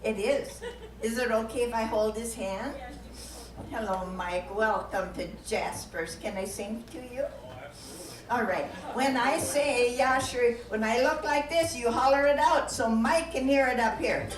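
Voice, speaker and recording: A woman's voice: a little high, a little slow, a crowd in the background. A woman with a Minnesotan accent doing live stage comedy, teasing the audience with a folksy laugh and bursts of song. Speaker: comic performer. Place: live show venue. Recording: echoey room from far off, live music.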